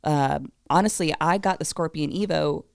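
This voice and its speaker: A young Southern woman chatting as a podcast guest, her voice carrying a gravelly edge. She laughs easily while telling quick stories. The sound is close and dry, with no room around it. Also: deep voice, darkish tone, no echo. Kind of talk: casual podcast chat.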